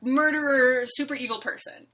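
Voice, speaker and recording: A woman co-hosts a podcast in loose, emphatic conversation. Her voice is bright and forceful, sitting a bit high. She leans on fillers and restarts as she builds her points. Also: normal speed, poor audio. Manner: animated, filler-heavy, emphatic. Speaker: podcast co-host. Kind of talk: casual chat about a webcomic.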